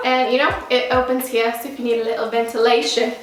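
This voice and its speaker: A woman's voice: a little high, little pitch movement, fast talker. A woman hosting a casual try-on vlog at home, playful and chatty, sometimes breaking into song. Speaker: YouTuber. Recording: very echoey room, faint music.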